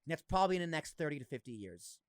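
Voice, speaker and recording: A man's voice: fairly high pitch, big pitch swings, dry recording, clean studio sound. Joking man with a slight Boston accent. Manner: joking, talks over his guest with quick asides. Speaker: podcast host. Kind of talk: casual podcast chat.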